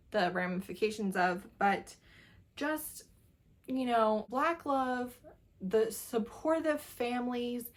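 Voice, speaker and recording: Woman, casual book review vlog, gushing, animated, laughs a lot. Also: medium pitch.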